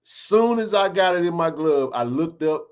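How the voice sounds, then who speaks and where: His voice sits on the high side and moves at a moderate clip. The man, a forties-aged sports podcaster, spins laughing, slang-filled neighborhood stories in an easygoing, animated conversation.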